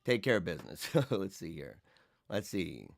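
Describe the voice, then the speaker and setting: A gravelly, low-pitched voice belongs to an adult man with a wife and young kids who hosts a livestream show. Very animated at a normal pace, he chats casually and rambles, frequently laughing and poking fun as he reads viewer comments.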